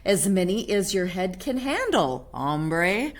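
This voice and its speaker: A woman voicing an excitable little boy kitten who talks squeakily and sing-song with a put-on Spanish accent. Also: normal speed. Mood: excited.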